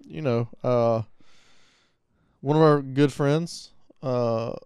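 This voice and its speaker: A man's voice: mid-range voice, fairly even intonation, takes it slowly, darkish tone, clear, resonant tone, no echo, studio quality. A man co-hosting a casual podcast, telling stories in a rambling way with many fillers and restarts. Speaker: podcast co-host. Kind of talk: casual chat.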